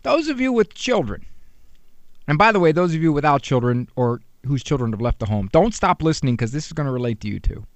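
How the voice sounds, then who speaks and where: Man, middle-aged, radio talk host, conversational, teasing, high-pitched. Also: very animated, a little fast, dry recording. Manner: conversational, teasing, acts out quotes. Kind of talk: animated radio monologue.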